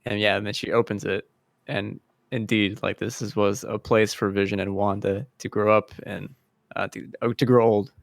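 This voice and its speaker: A man's voice: fairly low pitch, little pitch movement, normal speed, creaky, no echo, studio quality. A man co-hosting a podcast in casual chat, earnest and questioning, often repeating words as he starts a thought. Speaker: podcast co-host.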